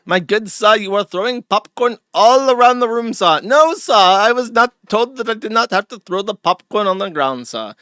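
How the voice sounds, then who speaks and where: A man's voice: fairly high pitch, big pitch swings, normal speed, hardly any pauses, sharp tone, clean tone, no room sound, clean studio sound. A man voicing an overly formal male moviegoer who bickers politely. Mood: indignant. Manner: stiffly polite, says sir constantly.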